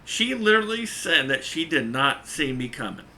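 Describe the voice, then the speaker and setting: A man's voice: a little high, big pitch swings, moderate pace, sharp tone. A man who drives a truck, telling a story casually, chuckling often and repeating his points for emphasis.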